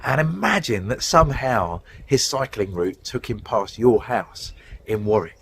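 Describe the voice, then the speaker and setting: A middle-aged man preaching a sermon as a guest speaker, telling stories in a conversational, animated way, recorded outdoors in the wind. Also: medium pitch, unhurried, creaky, rough recording. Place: outdoors, windy.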